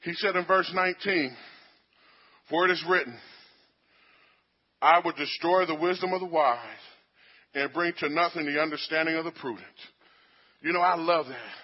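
A man preaching a sermon, building to fervent peaks with amens and hallelujahs and dropping low for quoted voices. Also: slightly rough, highs cut off. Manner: rising to shouted fervor with amens and hallelujahs.

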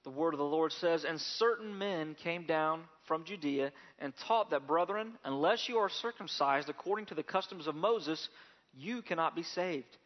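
A man preaching a sermon and praying as a pastor, often halting and repeating words and slowing down on key phrases. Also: fairly high pitch, in a large hall, lo-fi sound.

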